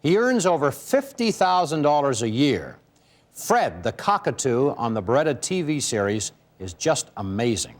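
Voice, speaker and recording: A man's voice: mid-range voice, very animated, moderate pace. A man hosting a TV show with a jokey, punchy scripted delivery. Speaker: TV show host.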